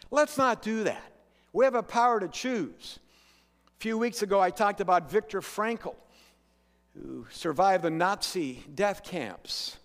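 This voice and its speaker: A man's voice: sits high, fairly bright tone. A middle-aged man preaching a sermon as pastor in a church, earnest and emphatic, drawing the congregation into call-and-response. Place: church sanctuary. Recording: long hall reverb.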